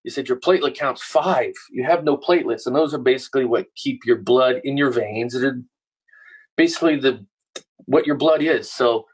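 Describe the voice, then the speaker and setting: A middle-aged man telling a story as a podcast guest, animated and full of swearing. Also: medium pitch, husky, poor audio. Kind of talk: casual interview chat.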